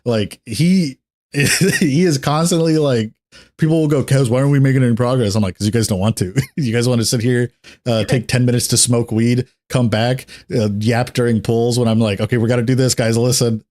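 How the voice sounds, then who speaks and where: A man's voice: medium pitch, normal speed. A man streaming a game and chatting casually, telling stories bluntly and acting out other people's lines. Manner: animated storyteller who acts out what others said. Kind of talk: casual chat while gaming.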